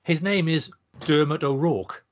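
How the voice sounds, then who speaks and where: A man co-hosting a podcast, ranting fast and swearing about a film. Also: fairly high pitch. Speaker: podcast co-host. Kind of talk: casual film review chat. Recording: dull lo-fi audio.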